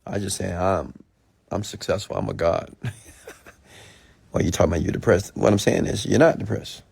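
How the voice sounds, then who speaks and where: A man's voice: sits low, steady tone, moderate pace, vocal fry, darkish tone, slightly rough, dry recording. A man giving a blunt, profane motivational rant late at night, preaching at his viewers. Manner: mimics whiny voices mockingly. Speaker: entrepreneur and mentor.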